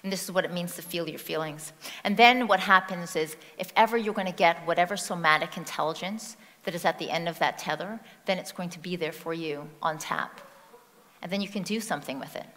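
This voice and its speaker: Bright-voiced woman giving a stage talk. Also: on the low side, fairly quick. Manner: conversational, asks the audience questions. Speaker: speaker at a personal-growth conference. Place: stage in a large hall. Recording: long reverb of a large hall.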